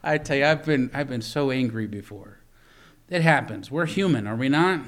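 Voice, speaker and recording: With a medium-pitched, animated voice at normal speed, a pastor preaches a sermon, retelling a story before addressing parents directly. He often repeats words and restarts lines, swinging between loud emphasis and quiet asides as he tells the story.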